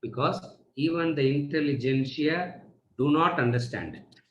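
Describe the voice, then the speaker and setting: A man's voice: fairly high pitch, moderate pace, muffled recording. Man lecturing with rhetorical questions. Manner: repeats rhetorical questions and answers them. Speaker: spiritual teacher. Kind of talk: lecture to students. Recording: echoey room.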